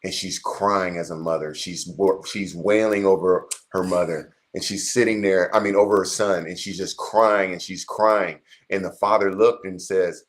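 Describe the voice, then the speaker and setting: A pastor with a lowish voice tells a story in a relaxed chat. He speaks earnestly and turns often to the viewers to pull them in. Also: normal speed, hardly any pauses. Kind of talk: casual chat.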